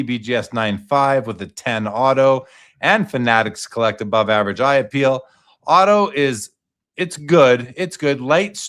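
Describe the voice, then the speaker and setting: A man's voice: medium pitch, fairly bright tone. A man hosting a live sports card auction stream, reading out each lot's details and asking his guest for opinions. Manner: casual, reads out lot details and asks the guest questions. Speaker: host.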